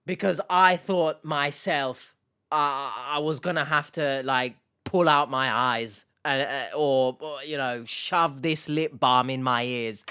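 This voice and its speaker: A man's voice: a little high, a little slow, fairly bright tone, clear, resonant tone. A man giving sarcastic, exasperated reaction commentary on a video clip.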